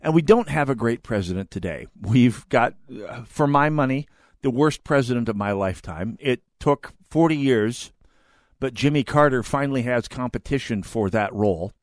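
A man's voice: medium pitch, animated, normal speed, no room sound, studio quality. A man in his fifties hosting a talk radio show, delivering an opinionated monologue that rambles off on tangents and restarts his words. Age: 50s.

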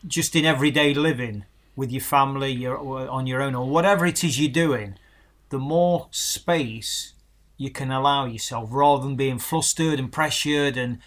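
A man's voice: medium pitch, normal speed, fairly bright tone. A man interviewing a guest in casual chat, sharing reflective, rambling anecdotes.

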